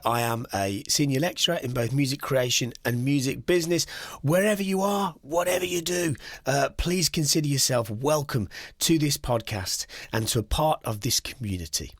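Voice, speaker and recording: A man's voice: mid-range voice, animated, normal speed, no echo, clean studio sound. A man hosting a podcast, talking in an enthusiastic, conversational way with plenty of casual fillers. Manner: enthusiastic, conversational, many "you know"s. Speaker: podcast host. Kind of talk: podcast monologue.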